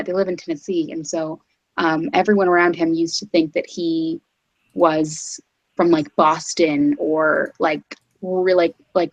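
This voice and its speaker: A woman with a lower voice chats casually on a live stream, animated and quick to laugh, dropping "like" often. The recording is close and dry, with no room sound. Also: no room sound, rough recording. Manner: animated, says "like" a lot, laughs readily. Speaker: stream guest. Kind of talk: casual chat.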